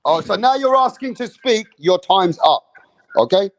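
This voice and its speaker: A man's voice: high voice, expressive, moderate pace. A man hosting and moderating a heated live stream debate in a firm, brusque way, keeping speakers to time. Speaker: host and moderator.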